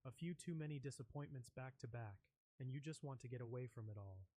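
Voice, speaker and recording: A man reading a scripted first-person horror story in a measured, ominous way. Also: mid-range voice, dark tone, dry recording. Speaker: narrator. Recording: noisy background with clicks.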